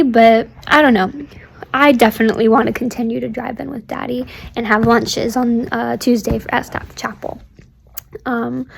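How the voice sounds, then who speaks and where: A woman's voice: fairly high pitch, creaky. A young woman who works at a church talks to her sister in a personal video diary, heartfelt and rambling, with lots of "like" and "um", often dropping close to a whisper. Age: young adult. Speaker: church staff member recording a video diary. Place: at home on a couch.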